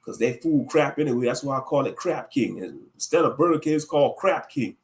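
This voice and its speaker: A man's voice: mid-range voice, lively intonation, brisk. A man hosting a casual livestream, ranting animatedly with plenty of cursing. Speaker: livestream host.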